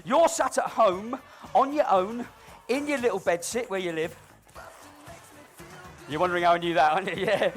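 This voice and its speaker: High-voiced man teasing a crowd. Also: moderate pace, long pauses, faint music behind. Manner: cheeky, teasing, mock-dramatic, shifts between loud announcing and low asides. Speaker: balloon-modelling comedy entertainer. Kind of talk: live stage comedy patter with audience. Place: stage before a live audience.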